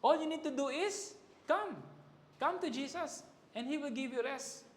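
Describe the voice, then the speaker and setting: A man's voice: extremely high pitch, moderate pace. A man preaching a sermon, mixing English and Tagalog and raising his voice for quoted cries. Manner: switches between English and Tagalog, rises to loud emphasis on quoted cries. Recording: echoey hall reverb.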